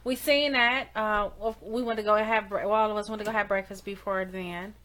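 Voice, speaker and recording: A woman's voice: medium pitch, fairly even intonation, a little fast, fairly bright tone. A woman co-hosting a casual podcast in a small studio, chatty and giggly, with trailing fillers. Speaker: co-host.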